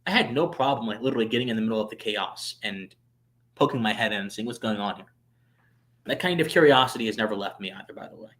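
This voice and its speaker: A man hosting a live stream, telling a long personal story in a chatty way, full of fillers, restarts and sudden swings between hushed asides and loud bursts. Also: fairly low pitch, animated, fast talker. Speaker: streamer and show host.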